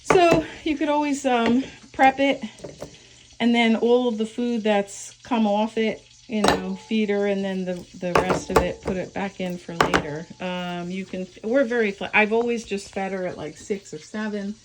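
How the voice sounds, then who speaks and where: In a very noisy home video walkthrough, a young woman with a medium-pitched voice speaks at normal speed, giving a pet sitter casual, rambling instructions in her kitchen, full of fillers and restarts.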